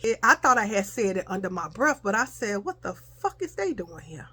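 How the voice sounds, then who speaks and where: A woman's voice: mid-range voice, big pitch swings, normal speed, sharp tone, husky. A middle-aged woman, telling a personal story in a casual chat and acting out the voices. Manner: chatty, addresses listeners as y'all, acts out quotes.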